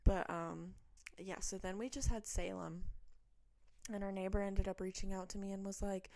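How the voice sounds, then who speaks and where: A woman's voice: medium pitch, fairly even intonation, normal speed, creaky, mellow, dry recording. A young woman who chats casually, wanders into rambling asides and reads stories aloud. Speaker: vlogger reading online stories. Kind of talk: casual chat and reading aloud.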